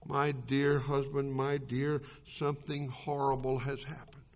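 A man's voice: mid-range voice, level tone, a little slow, voice pushed down, natural voice. A man preacher voicing a frantic, tearful fisherman's wife as she pleads and apologizes, on a dull lo-fi recording. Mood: frantic, apologetic.

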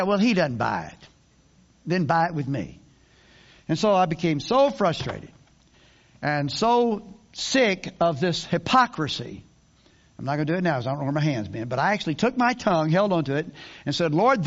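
A man's voice: fairly high pitch, muffled recording. An older man preaching a sermon in a folksy, conversational way, with many restarts and asides. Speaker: pastor.

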